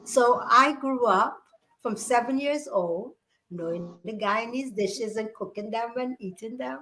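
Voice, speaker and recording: A woman's voice: a little high, unhurried, pushed and bright, low-quality recording. A woman panel guest in a casual chat, curious and explaining things.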